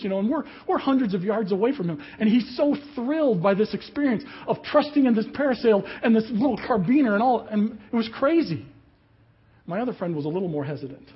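A man preaching a sermon as a pastor, telling a story with lively acted-out voices. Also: high-pitched, fast talker, slightly rough, highs cut off. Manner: animated storyteller, acts out voices of people in the story.

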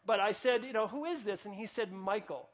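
A middle-aged man preaching to his congregation, telling a personal story in a conversational way and dropping to a hush for prayers. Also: high-pitched, fairly quick. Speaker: pastor.

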